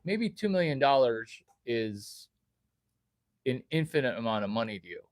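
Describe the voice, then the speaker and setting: In a clean studio recording with no room sound, a man with a very animated mid-range voice talks at normal speed to his camera. The vlog is a rambling, erratic monologue where he quizzes viewers and jumps between subjects.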